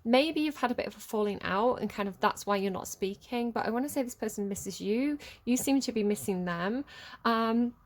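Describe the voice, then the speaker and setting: A woman's voice: a little high, normal speed. A woman giving a casual tarot reading in a chatty, rambling way, often hesitating with fillers. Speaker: tarot reader.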